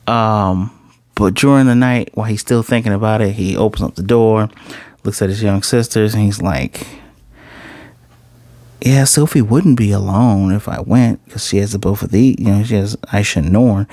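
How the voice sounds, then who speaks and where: A man casually recapping and reviewing an anime episode, animated, slipping into quoted dialogue as he retells scenes. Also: fairly low pitch, dry recording, clean studio sound.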